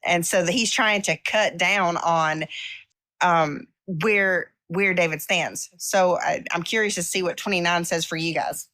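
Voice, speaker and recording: A woman leading a casual Bible study discussion, talking in halting bursts with many restarts. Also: lowish voice, fairly even intonation, pushed and bright. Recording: dry, cleaned-up audio.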